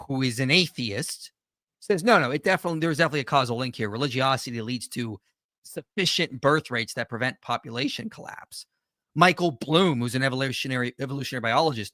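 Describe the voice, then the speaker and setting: Bright-voiced sarcastic man hosting commentary. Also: mid-range voice, no echo, studio quality. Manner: sarcastic, quick and animated. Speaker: channel host. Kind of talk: casual commentary on a video.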